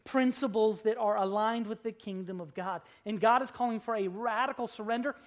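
Preacher, sermon, church congregation, dramatic swings loud to hushed, joking asides. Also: fairly quick. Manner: dramatic, swinging between loud emphasis and hushed low lines; humorous asides. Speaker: pastor. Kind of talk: expository sermon.

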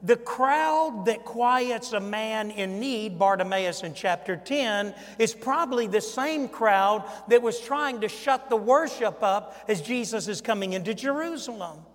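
A man from Mississippi with a Southern accent preaches in a high, bright-edged voice. He drops into hushed, folksy storytelling and then climbs into loud, emphatic preaching. The sound carries a long reverb from a large church hall. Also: expressive, unhurried, few pauses. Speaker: pastor. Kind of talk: sermon.

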